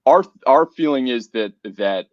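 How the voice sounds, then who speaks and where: A man's voice: medium pitch, animated, unhurried, dry recording, lo-fi sound. A man, a whiskey brand co-founder, chatting animatedly as a guest in an interview, often restarting and repeating words. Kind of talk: casual conversational interview.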